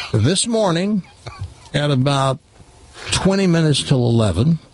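Animated, husky-voiced man telling a story. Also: a little high, slow pace. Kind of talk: storytelling monologue to an audience.

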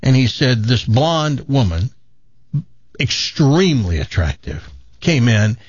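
Husky man chatting casually. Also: mid-range voice, sing-song, slow, dry recording, highs cut off. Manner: chatty, jumps in with reactions. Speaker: co-host. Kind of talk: casual chat.

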